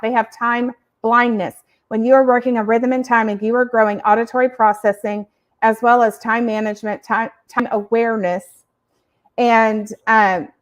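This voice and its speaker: A woman podcast host explaining ideas to parents in an animated, emphatic teaching style. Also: on the high side. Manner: animated, emphatic, uses acted examples. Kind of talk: educational explaining.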